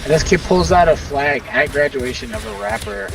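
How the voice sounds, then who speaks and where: A man's voice: fairly high pitch, fairly quick. A man from Maryland chatting casually and swearing freely with friends on a game stream. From Maryland, USA. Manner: swears casually, animated storytelling. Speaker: gamer on a group stream. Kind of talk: casual chat among friends. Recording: distant mic with clear background noise.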